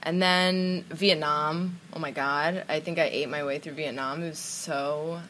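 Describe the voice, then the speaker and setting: Chatty bright-voiced woman guest. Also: low-pitched, fairly even intonation, measured pace, slight background noise. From New York. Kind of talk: casual interview chat.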